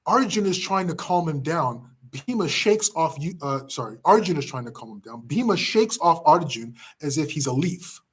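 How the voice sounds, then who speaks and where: A man teaching a class by retelling an epic story in a dramatic, emphatic way with pauses. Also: on the high side, expressive, breathy edge. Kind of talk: storytelling lesson.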